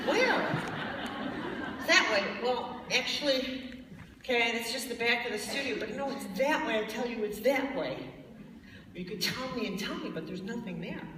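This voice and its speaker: A woman's voice: on the high side, background noise. A woman speaker giving a blunt, emphatic lecture to a live audience, sometimes mocking the tones of voice people use. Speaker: spiritual speaker. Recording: echoey hall from far off.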